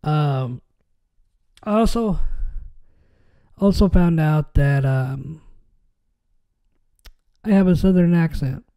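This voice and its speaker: A stuffy-nosed man hosts a podcast in loose casual chat. His voice sits a bit high yet very dark and mellow in tone. He rambles, halts, and restarts through a stream of fillers. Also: takes it slowly, long pauses, clear, resonant tone. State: stuffy nose. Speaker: podcast host.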